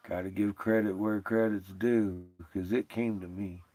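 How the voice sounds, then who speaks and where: Gravelly rambling man streaming. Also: lowish voice, no room sound. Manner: rambling, profane, laughs often. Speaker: livestream host. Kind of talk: casual livestream chat.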